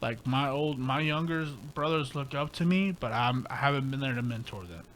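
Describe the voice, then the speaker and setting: A man's voice: mid-range voice, normal speed, fairly bright tone, a little hiss or hum. A young man co-hosting a podcast, telling a rambling, profane story in casual chat. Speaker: podcast co-host.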